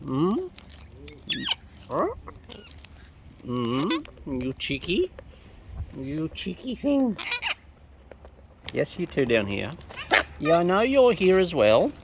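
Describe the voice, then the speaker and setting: A woman outdoors chatting playfully to wild birds, her greetings jumping into squeaky high hellos, recorded on a phone. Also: huge pitch swings, very slow, long pauses, noisy background. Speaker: vlogger feeding wild birds. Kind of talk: casual chat to birds. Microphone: phone camera.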